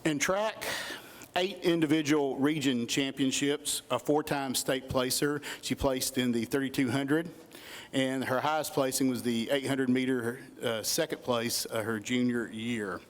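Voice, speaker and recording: A man's voice: mid-range voice, steady tone, a little slow. A middle-aged man gives a heartfelt induction speech as a coach. He speaks into a podium microphone in a school hall, building emphasis as he lists achievements. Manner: earnest, listing achievements with rising emphasis. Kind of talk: emotional ceremony speech.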